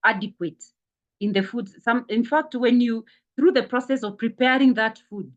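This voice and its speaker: A woman's voice: a little high, normal speed. Woman, wellness talk, repeats for emphasis, many fillers, dull lo-fi sound. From Kenya. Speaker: wellness speaker. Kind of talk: health talk presentation.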